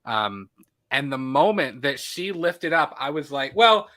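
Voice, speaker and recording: Male podcast co-host, fairly high voice, animated casual review chat. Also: measured pace. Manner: animated, excitable, acts out reactions.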